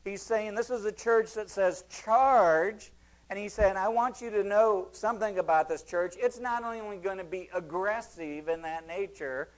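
A man's voice: high voice, rough recording. A male pastor delivering a sermon to his congregation, preaching with rising emphasis.

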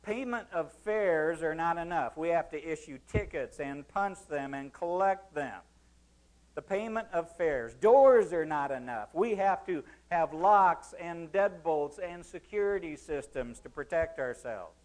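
Male preacher, sermon, storytelling, dramatic swings in loudness, slightly high pitch. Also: lively intonation, unhurried, rough recording.

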